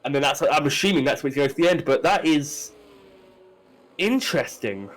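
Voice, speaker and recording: A man's voice: on the high side, expressive, normal speed, low-quality recording. A man giving chatty live commentary on a sim race, with many fillers and restarts.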